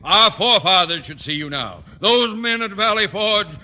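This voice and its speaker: A blustering pompous principal. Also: male voice, sits high, animated, moderate pace, pushed and bright, exaggerated voice. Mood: indignant. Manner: bossy, indignant, bellowing. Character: blustering pompous middle-aged male school principal. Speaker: school principal. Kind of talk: 1940s radio sitcom acting. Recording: hissy old radio broadcast recording.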